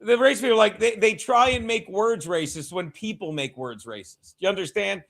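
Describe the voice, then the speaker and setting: High-voiced excitable man streaming. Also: moderate pace, gravelly, poor audio. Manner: excitable, profane, joking asides to chat. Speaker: livestream host. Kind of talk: casual sports watchalong commentary.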